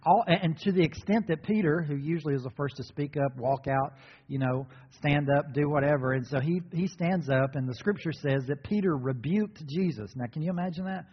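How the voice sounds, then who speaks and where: A man's voice: fairly high pitch, slightly rough. Man preaching in an echoing hall. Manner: animated storytelling, acts out biblical dialogue. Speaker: pastor. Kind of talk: sermon. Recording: dull, muffled sound with long reverb.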